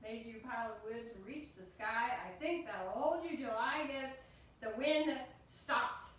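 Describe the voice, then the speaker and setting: An eager, insistent country boy named Jack, as a woman storyteller plays him, his voice set fairly high. The sound comes from far off in a very echoey room with faint noise behind. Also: unhurried, a bit bright. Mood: determined.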